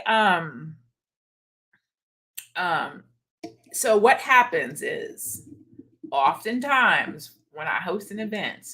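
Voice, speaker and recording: Woman host, fairly low voice, casual live-stream chat, direct and talkative with viewers. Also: pushed and bright. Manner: chatty and direct, addresses viewers as y'all. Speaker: host of a live stream about a women's retreat.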